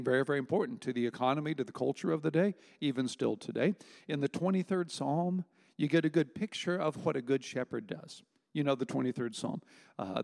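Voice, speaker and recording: Gravelly pastor preaching in a reverberant hall. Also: male voice, on the high side, a little mellow. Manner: conversational preaching with emphatic pauses. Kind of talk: sermon.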